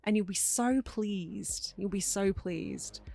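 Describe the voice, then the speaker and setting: A Northern English woman hosts a film podcast, chatting casually and teasing, with easy laughter. Her voice is medium in pitch, gravelly and a little mellow, and she speaks slowly.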